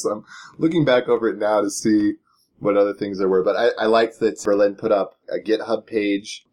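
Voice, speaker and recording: A man hosting a casual panel chat, relaxed and chuckling, with loose phrasing. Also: fairly low pitch. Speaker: podcast host.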